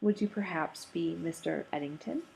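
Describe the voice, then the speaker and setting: A woman's voice: sits low, moderate pace, vocal fry, darkish tone, low-quality recording. A woman reading the part of a courteous, bustling male head waiter who is eager to help. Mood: polite.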